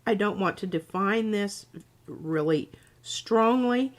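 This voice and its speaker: A woman's voice: medium pitch, lively intonation. A woman artist demonstrating on a livestream, chatting casually and thinking aloud, often trailing off mid-sentence. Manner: halting, trailing off, thinks aloud while working. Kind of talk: casual craft demo chat.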